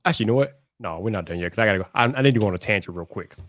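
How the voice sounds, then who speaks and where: A man's voice: lowish voice, lively intonation, racing, fairly bright tone, no room sound. A man co-hosting a livestream, talking in a laid-back, slangy way to the audience. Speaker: livestream co-host. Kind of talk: casual livestream chat.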